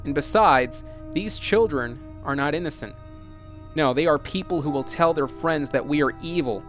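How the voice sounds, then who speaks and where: A man voicing a menacing, scornful adult male killer clown leader, speaking in a slow, defiant, contemptuous way. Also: on the high side, fairly bright tone, soft background music, natural voice.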